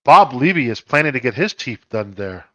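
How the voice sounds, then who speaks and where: A man's voice: medium pitch, big pitch swings, fairly quick, pushed and bright, dry recording. A man hosting a casual live stream, reading out viewer comments with blunt, teasing banter. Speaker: host. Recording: dull dry lo-fi audio.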